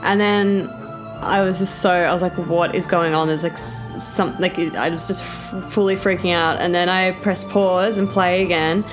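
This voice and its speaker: A woman's voice: lowish voice, fairly even intonation, normal speed, over music. A young woman co-hosting a podcast, telling a ghost story in a chatty, rambling way with many fillers and giggles. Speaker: podcast co-host. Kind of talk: casual chat, storytelling.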